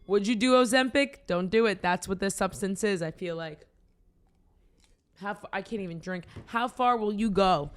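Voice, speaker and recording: A woman's voice: mid-range voice, normal speed, no room sound. A young woman hosting a podcast, chatting and teasing her co-host in a playful, casual way while having a drink. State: tipsy from drinking.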